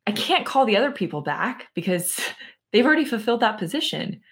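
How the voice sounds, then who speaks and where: A woman's voice: a little high, a little fast. Chatty woman telling her story. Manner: lively storyteller, many "you know" fillers. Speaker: podcast guest, mental conditioning coach. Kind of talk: personal storytelling in a podcast interview.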